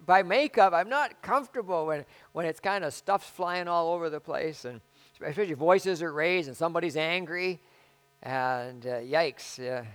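A man preaching a conversational sermon as pastor, halting and self-deprecating, with frequent restarts. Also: fairly high pitch, a bit bright.

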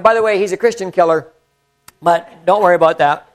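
A man preaching a conversational sermon, swinging from animated storytelling to hushed, prayerful tones. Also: sits high, a little fast, rough recording.

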